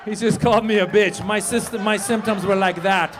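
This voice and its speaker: A man in his fifties doing stand-up comedy on a club stage, working the crowd with loud, animated delivery and shouted punchlines. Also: high-pitched, normal speed, few pauses, slight background noise. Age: 50s.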